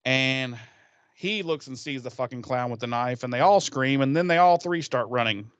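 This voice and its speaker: A man's voice: mid-range voice, moderate pace, clean tone, dry recording, lo-fi sound. Man recapping casually, swearing freely. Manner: rambling storytelling, swearing, laughing asides. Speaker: podcast host recapping an episode.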